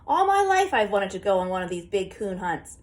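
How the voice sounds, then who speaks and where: A woman reading an audiobook, voicing an eager, kindly old country grandfather who is quick to get excited. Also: mid-range voice, lightly acted. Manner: eager, hearty, rising with excitement. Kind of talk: audiobook character voice.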